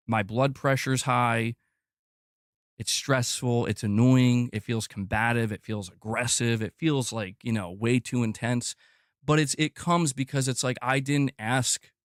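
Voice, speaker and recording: A man's voice: no echo, clean studio sound. Exasperated man ranting on a stream. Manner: exasperated, repetitive, profane, rising pitch when worked up. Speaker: gaming channel host. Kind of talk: livestream rant reading chat.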